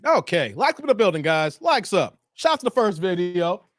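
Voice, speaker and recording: A man's voice: sits high, moderate pace, no room sound, clean studio sound. A man hosting a reaction channel, giving preachy dating commentary and acting out the people he quotes. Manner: animated, preachy, acts out quoted voices.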